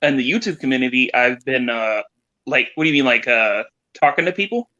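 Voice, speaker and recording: A man's voice: mid-range voice, animated, a little fast, bright, forceful tone, dull audio. A man guest in a casual chat, friendly and a little hesitant. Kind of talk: casual live panel chat.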